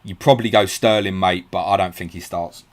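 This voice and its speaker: A man hosting a live stream, reading out viewer questions and answering them quickly and bluntly. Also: low-pitched, fairly even intonation. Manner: fast, blunt and matey, calls viewers mate. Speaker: podcast host.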